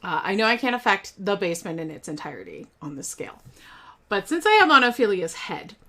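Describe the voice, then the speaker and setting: A woman's voice: medium pitch, sing-song, a little fast, sharp tone. A woman player in a tabletop game, talking casually about her plans.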